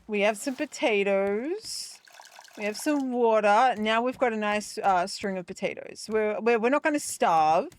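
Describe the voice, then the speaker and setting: A woman's voice: mid-range voice, measured pace. A young woman chatting casually with her viewers during a live gameplay stream, rambling and upbeat. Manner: chatty and rambling, talking to chat.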